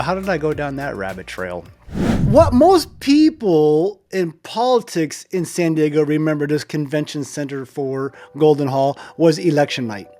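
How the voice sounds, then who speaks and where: Older guy in his 60s rambling thru an old story, kinda high-ish voice, little music under it. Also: a little mellow. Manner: digressive, loses track and chuckles. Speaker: storyteller host.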